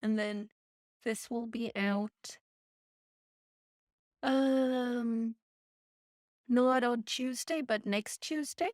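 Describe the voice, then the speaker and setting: A woman hosting a podcast, chatting in a friendly, unhurried way over a video call and letting her sentences trail off softly. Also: a little high, dry recording, clean studio sound. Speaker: podcast host. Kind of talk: casual chat. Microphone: video call with headphones.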